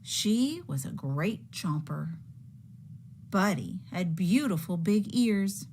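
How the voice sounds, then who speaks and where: A woman teacher reading a children's picture book aloud, slow and expressive. Her pitch sits a bit low but swings widely, and a faint hum of room noise sits behind her.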